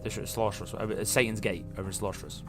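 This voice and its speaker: Halting game master, faint music behind. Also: male voice, lowish voice. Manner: halting, full of fillers and restarts. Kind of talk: narrating a tabletop game.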